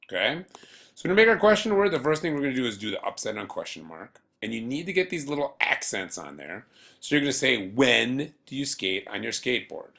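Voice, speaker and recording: A man teaching a beginner Spanish lesson to students at home, speaking patiently and slowly and repeating words for learners. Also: mid-range voice, very animated, creaky, a bit bright. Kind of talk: recorded remote classroom lesson.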